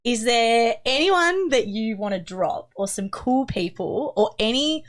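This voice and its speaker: A woman's voice: on the high side, expressive, unhurried. A woman co-hosting a podcast, asking her guest friendly, curious questions. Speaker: podcast co-host. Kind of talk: casual podcast chat.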